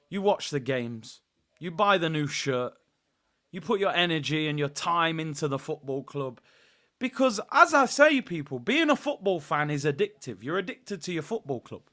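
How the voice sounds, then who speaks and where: A man talks live to his stream viewers. He rants in an animated, exasperated way and keeps calling out to the chat. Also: a little high. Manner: animated, exasperated rant addressing viewers as people. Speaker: football channel host.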